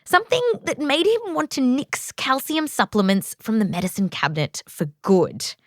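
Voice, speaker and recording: A woman's voice: sits high, wildly swooping pitch, normal speed, no echo, clean studio sound. A woman with an Australian accent hosting a science podcast, narrating from a script and interviewing with a playful, jokey manner. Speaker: podcast host.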